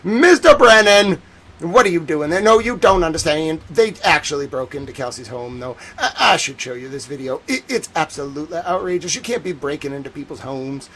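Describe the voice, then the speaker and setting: Excitable rambling male livestream host. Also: on the high side, fairly quick, breathy edge. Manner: excitable, rambling, repeats phrases. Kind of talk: livestream commentary.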